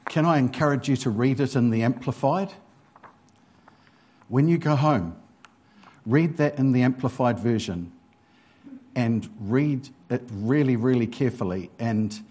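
A man preaching a church sermon, unhurried and hesitant, with frequent pauses and ums. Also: medium pitch, darkish tone, husky.

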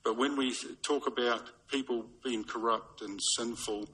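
A man preaching a sermon in a measured, storytelling way. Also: mid-range voice, steady tone, pushed and bright, slight background noise, rough recording. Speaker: pastor.

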